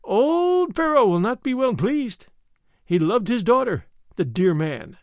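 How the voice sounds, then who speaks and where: A man puts on a queer little old merchant from a storybook, strident and high, giggling and muttering half to himself. The voice leaps up and down as he haggles, recorded close and dry. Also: big pitch swings, unhurried, dry recording, exaggerated voice. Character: odd little old male curio merchant, giggling, sly. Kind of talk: audiobook character voice.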